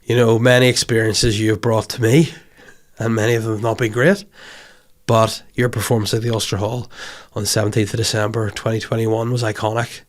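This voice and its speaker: A man voicing his wife as she delivers a stately, mock-solemn tribute, speaking a little lower and quieter than his usual voice. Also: little pitch movement, brisk, lightly acted. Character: wife giving a grand formal speech.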